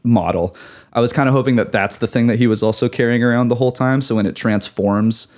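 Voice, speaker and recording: A man co-hosting a podcast, talking casually about films in a relaxed, halting way. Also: medium pitch. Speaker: podcast co-host. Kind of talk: casual film discussion.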